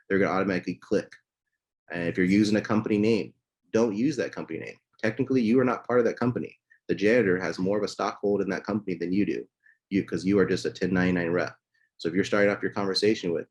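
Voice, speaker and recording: Guy coaching sales calls on a video call, talks fast, kinda low voice, acts out the phone lines. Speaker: guest sales trainer. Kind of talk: casual coaching talk.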